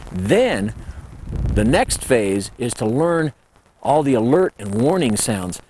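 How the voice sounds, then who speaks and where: Lively man teaching elk calls. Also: mid-range voice, slow pace, slight background noise. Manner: lively and folksy, sings out call demonstrations. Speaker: elk calling instructor. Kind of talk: instructional talk.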